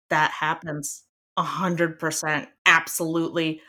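A young woman from Iowa chatting casually as a guest, animated and emphatic, often laughing. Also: low-pitched, normal speed. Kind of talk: casual chat.

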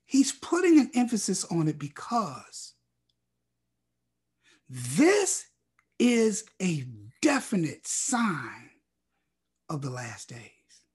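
Husky preacher, slow and dramatic. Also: male voice, high voice, huge pitch swings. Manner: dramatic swings from loud declaring to hushed near-whispers. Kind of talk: sermon with scripture reading.

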